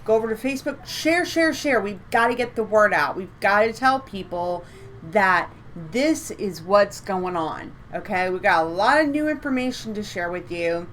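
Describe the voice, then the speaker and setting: A woman's voice: medium pitch, animated, moderate pace, a bit bright, slight background noise. A woman co-hosting a live psychic reading stream from home, chatty and upbeat, repeating words for emphasis. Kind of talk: casual live-stream chat.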